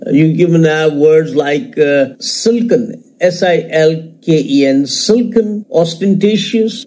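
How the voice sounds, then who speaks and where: A man's voice: high voice, warm tone, rough recording. A man with an Indian English accent teaching vocabulary for entrance exams, running through long lists of synonyms and spelling out words letter by letter. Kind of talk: exam-prep vocabulary lesson.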